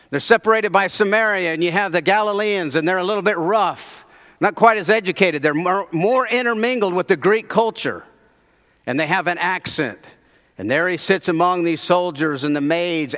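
A man's voice: high-pitched, a bit bright. Man preaching in a reverberant hall. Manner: conversational storytelling, asks the audience questions. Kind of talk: sermon.

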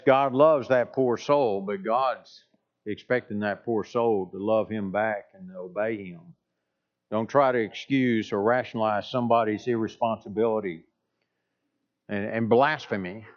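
A man preaching a sermon as pastor, speaking in a deliberate, emphatic way and repeating phrases to drive points home. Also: medium pitch, lo-fi sound.

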